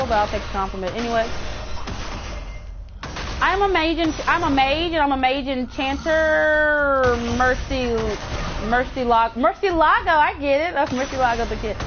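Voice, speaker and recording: A young woman streaming a game live, chatting with viewers, swearing and shrieking whenever she is in danger. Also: on the high side. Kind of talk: live gameplay commentary. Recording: dull lo-fi mic with audible noise.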